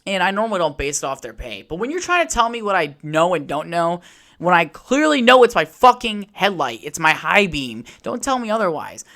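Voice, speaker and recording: A man's voice: sits high, sing-song, a little fast, sharp tone. A young man hosting a solo podcast from home, telling a rambling, swear-heavy story in a casual chat. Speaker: podcast host. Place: at home by a window.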